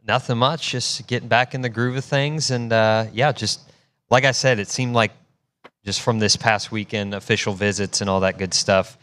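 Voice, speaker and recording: Smooth, low-voiced man. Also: steady tone, normal speed, fairly bright tone. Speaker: show producer. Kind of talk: casual radio chat. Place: radio studio.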